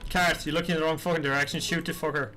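High-voiced man streaming a game. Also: steady tone, racing, sharp tone, soft background music. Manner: swears often, chatty, talks back at the game. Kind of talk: casual gameplay commentary.

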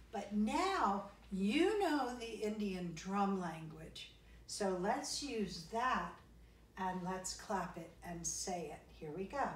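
A woman's voice: medium pitch, expressive, takes it slowly. A woman music teacher giving an online lesson to young children, encouraging and sing-song as she reads a story. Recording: roomy, distant mic, faint noise.

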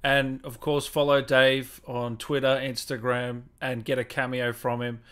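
A man's voice: mid-range voice, level tone, a little slow, fairly bright tone, clear, resonant tone. A man hosting a livestream, upbeat and chatty, thanking viewers by name. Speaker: host. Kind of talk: livestream chat.

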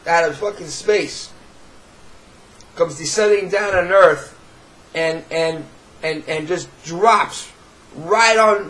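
A man's voice: high voice, a bit bright, low-quality recording. A man with a New York accent, ranting to camera in a profane, sarcastic, rambling way with many restarts. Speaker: video blogger.

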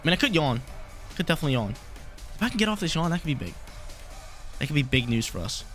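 Fast-talking man commentating his own game. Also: on the high side, faint music behind. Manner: excitable, repeats himself, slangy. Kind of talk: casual play-by-play of an online battle.

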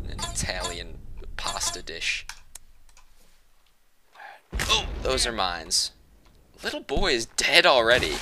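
Lively young man doing let's-play jokes. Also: on the low side, gravelly, slight background noise. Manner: jokey, swings from muttering to yelping shouts. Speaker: gaming commentator. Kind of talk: casual let's-play commentary.

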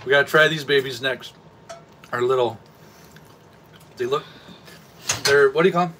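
A man's voice: medium pitch, normal speed, background noise. An easygoing man with a mid-range voice co-hosts a casual home cooking vlog. He jokes along, trails off mid-sentence and talks loosely between bites. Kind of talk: casual chat while taste-testing food.

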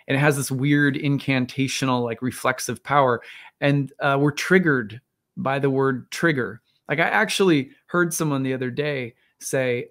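Rambling man musing on his own. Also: mid-range voice. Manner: rambling, many fillers and restarts. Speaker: astrologer. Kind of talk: casual monologue.

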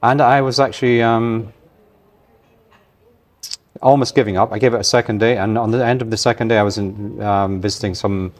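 A low-pitched man in his sixties with a soft Scottish accent that travel has worn thin. He guests on a podcast, telling a long anecdote at an easy pace and slipping into the voices of people he met. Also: moderate pace, long pauses. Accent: light Scottish, softened by travel. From Scotland. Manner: relaxed anecdotal storyteller, acts out the voices of others. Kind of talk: long-form storytelling interview.

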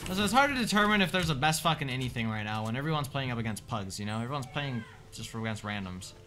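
A young man streaming live, chatting with his viewers in a joking, sarcastic way and swearing often as he swings between mutters and shouts. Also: medium pitch, lively intonation, fast talker. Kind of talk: casual live-stream chat, answering viewers. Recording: game stream with clear background music.

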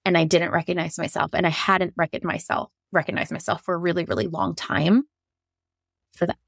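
A woman's voice: lowish voice, level tone, a little fast, vocal fry, a bit bright, slightly rough, no echo, studio quality. A woman guest frankly telling a painful personal story, emotional and laughing through hard moments. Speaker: guest sharing her birth story.

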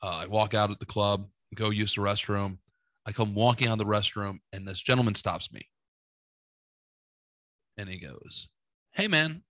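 Podcast co-host, man, young adult. Bright, forceful tone, dry close recording; rambling, swearing storyteller who acts out every line of dialogue. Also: fairly low pitch, normal speed, pauses often, dry recording. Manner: rambling, profane, animated in retold dialogue.

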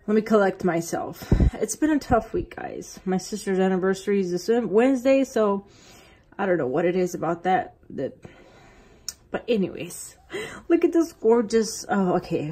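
Gushing, husky-voiced woman vlogger. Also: mid-range voice, normal speed. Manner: gushing, excitable and rambling. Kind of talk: casual unboxing vlog. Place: bathroom at home.

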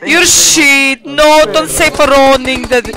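A woman's voice: high voice, fairly even intonation, slow, vocal fry, a crowd in the background. A tipsy woman with a Croatian accent streams a shooter game, chatting playfully with teammates and laughing constantly. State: tipsy from drinking. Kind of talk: live gaming stream chat.

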